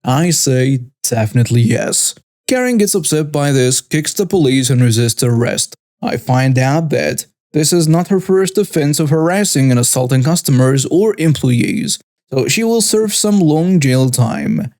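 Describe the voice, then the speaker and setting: A man's voice: on the high side, lively intonation, a little slow, few pauses, darkish tone, dry recording. Man narrating a story in a dry booth. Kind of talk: scripted first-person story narration.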